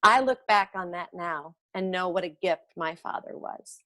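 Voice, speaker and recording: A middle-aged woman performing a memoir monologue, measured and emotive, with long pauses. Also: on the low side, pushed and bright. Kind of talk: theatrical monologue recited slowly.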